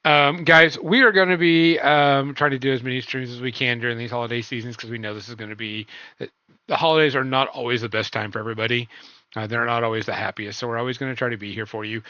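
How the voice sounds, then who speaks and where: Rambling man host with a bright voice. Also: mid-range voice, fairly even intonation, fast, no echo, muffled recording. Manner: loose and rambling, full of ums and uhs. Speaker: podcast host. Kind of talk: casual stream chat.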